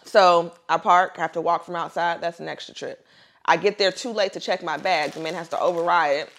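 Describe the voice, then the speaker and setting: Profane, animated woman telling a story. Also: lowish voice, a little fast. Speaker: podcast co-host. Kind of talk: casual chat, storytelling.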